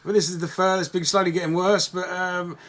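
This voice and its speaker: A man's voice: high-pitched, flat delivery, fairly quick, fairly bright tone. An Australian man trading crude, self-mocking jokes with a mate while dubbing over a four-wheel-drive trip video. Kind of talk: joking dubbed-over banter.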